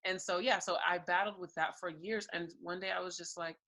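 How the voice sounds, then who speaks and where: A woman's voice: lowish voice, fairly even intonation, brisk, pushed and bright, poor audio. A young woman, a guest on an interview show, giving a frank and earnest personal testimony and laughing lightly between thoughts. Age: young adult.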